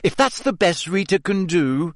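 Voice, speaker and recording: A man's voice: high voice, sing-song, moderate pace, no echo, pitched above the performer's own voice. A jealous, hot-tempered schoolboy wizard, voiced by a male narrator, speaks in agitated, hissing bursts. His voice is pushed well above the narrator's own. The sound is close and dry.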